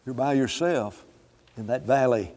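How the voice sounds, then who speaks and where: A man preaching a sermon to a congregation, swinging between hushed lines and loud, drawn-out emphasis. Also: mid-range voice. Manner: dramatic swings from soft to loud, slow emphatic phrasing. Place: church sanctuary. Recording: long hall reverb.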